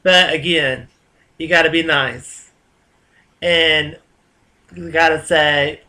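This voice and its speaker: A man's voice: a little high, steady tone, slow, long pauses, sharp tone. A man with a Southern US accent, rambling casually in a vlog monologue, chatty and full of fillers and restarts. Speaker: vlogger.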